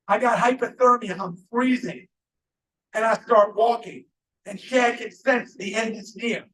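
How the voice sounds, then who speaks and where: A man giving a live motivational keynote speech, emphatic and often shouting to the crowd. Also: very high voice, unhurried, far from the mic, rough recording. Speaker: motivational speaker. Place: large live event venue.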